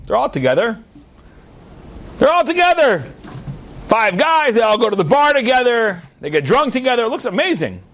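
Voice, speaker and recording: Animated high-pitched man teaching Torah. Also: normal speed, long pauses. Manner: animated, acts out arguing students in raised voices. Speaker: rabbi teaching. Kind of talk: Torah class lecture.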